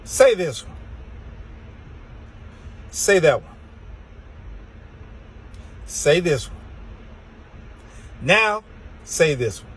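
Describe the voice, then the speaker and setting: A man delivers an exasperated comic rant with a husky, slightly raspy edge. His pitch sits a little high and swings widely as he drags words out for emphasis, in a loose drawl. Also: big pitch swings, extremely slow, long pauses, a bit bright, low-quality recording. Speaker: comedian. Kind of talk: comedic rant to camera.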